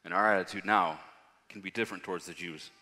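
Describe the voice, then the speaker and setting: A man preaching a sermon, reading scripture aloud and rising to loud, emphatic passages. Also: deep voice, steady tone, quick pace. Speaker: pastor. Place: church hall. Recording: long hall reverb.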